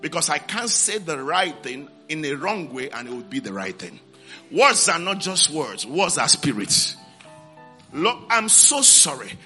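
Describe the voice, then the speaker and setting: A man's voice: on the high side, sing-song, normal speed, pushed and bright, faint music behind. A man preaching a sermon, repeating key words and calling out to his congregation for responses.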